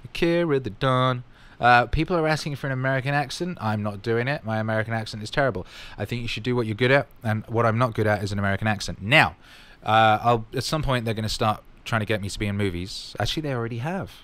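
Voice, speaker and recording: A man's voice: on the low side, fast talker, few pauses, a bit bright. A man casually answering fan questions in his vlog, rambling and upbeat with plenty of fillers.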